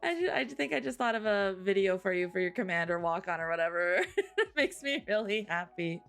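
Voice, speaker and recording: A woman co-hosting a live stream, chatting casually, tired after a cry, with frequent giggles and drawn-out exclamations. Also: mid-range voice, lively intonation, creaky, a bit bright, soft background music. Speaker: streamer co-host.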